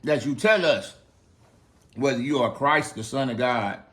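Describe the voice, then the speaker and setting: A man reading as a stern high priest. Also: unhurried, a bit bright, natural voice. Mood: demanding. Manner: demanding, formal.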